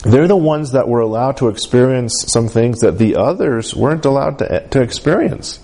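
A man preaching a sermon to a congregation, often asking "Amen?" and lifting his voice for emphasis. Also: normal speed. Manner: animated, rising pitch for emphasis, calls of "Amen?".

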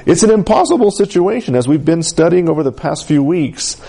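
A man's voice: brisk, creaky, breathy edge. A man preaching a sermon to a congregation, often asking "Amen?" and lifting his voice for emphasis. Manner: animated, rising pitch for emphasis, calls of "Amen?".

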